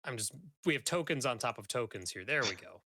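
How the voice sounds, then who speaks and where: A man running a tabletop game as game master, narrating in a halting way with fillers and chuckles. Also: medium pitch, lively intonation, bright, forceful tone, breathy edge, no room sound, studio quality. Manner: halting, with fillers and chuckles while describing scenes.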